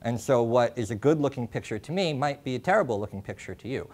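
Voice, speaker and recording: A young man presenting a classroom workshop, talking in a halting way with many ums and restarts. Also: mid-range voice, expressive, a little mellow. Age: young adult. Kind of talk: classroom lecture. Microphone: lapel mic.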